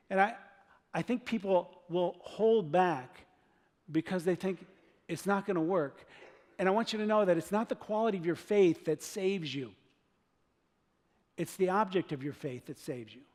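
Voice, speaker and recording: Animated high-voiced male preacher in a hall. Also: moderate pace. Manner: animated, acts out voices of the people in his story. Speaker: pastor. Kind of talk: sermon. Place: church sanctuary. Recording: long reverb of a church hall.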